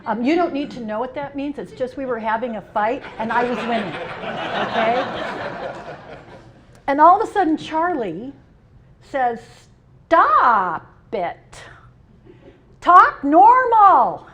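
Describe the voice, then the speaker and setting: Expressive middle-aged woman giving a keynote speech. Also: fairly high pitch, moderate pace, long pauses, a little hiss or hum. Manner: expressive, humorous storyteller, shifting between loud and soft. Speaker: union president giving a keynote. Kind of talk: conference speech with personal stories. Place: conference hall.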